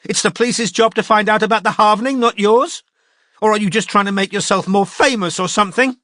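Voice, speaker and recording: A man's voice: high-pitched, a little fast, bright, forceful tone, dry recording, studio quality, pitched above the performer's own voice. A man voicing a distraught young woman who pleads and stammers through tears. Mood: defiant.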